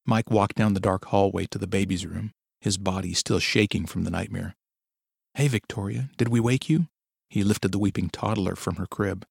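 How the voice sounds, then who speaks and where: Gravelly low-voiced male narrator. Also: flat delivery, no room sound, studio quality. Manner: low, measured storytelling. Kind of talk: dramatic audiobook narration.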